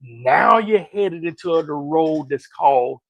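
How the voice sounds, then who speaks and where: A man preaching motivation to camera, emphatic, repeating key phrases and rising to loud peaks. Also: fairly high pitch, expressive, slow pace, creaky, no echo, highs cut off. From North Carolina. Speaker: motivational minister.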